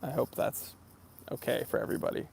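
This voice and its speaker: A man's voice: fairly quick, darkish tone, slight background noise. A young American man hosting a watch channel livestream, casually chatting and answering viewer comments in a laid-back, bro-ish way. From United States.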